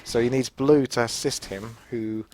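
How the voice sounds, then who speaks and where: A man's voice: mid-range voice, fairly even intonation, normal speed, crowd noise. Chatty man commentating a strategy game. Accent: Australian. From Australia. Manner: chatty, jokey, thinking aloud while playing. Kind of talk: casual gameplay commentary.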